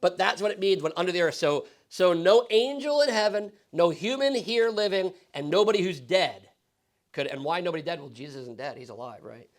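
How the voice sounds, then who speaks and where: Man, pastor, high voice, casual bible class, asks questions, says "right?" a lot. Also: animated, brisk. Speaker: pastor teaching Bible study. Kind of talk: conversational Bible teaching. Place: church classroom.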